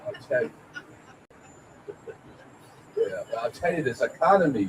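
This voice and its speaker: A man doing a stand-up comedy set at an open mic, with a halting, stammering delivery full of fillers and chuckles at his own jokes. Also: a little high, expressive, slight background noise, poor audio. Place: small venue at an open mic night.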